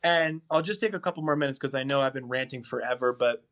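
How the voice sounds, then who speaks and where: A man on a podcast telling a long, animated story about a life experience in casual chat, rambling with many fillers. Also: mid-range voice, fast talker. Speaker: podcast guest, husband.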